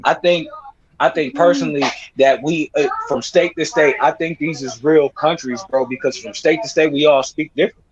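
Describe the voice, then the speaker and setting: A man's voice: a little high, fairly even intonation, moderate pace, muffled recording, a crowd in the background. A man from Michigan talking in a rambling, earnest and slangy way during a casual online panel chat. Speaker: panel participant.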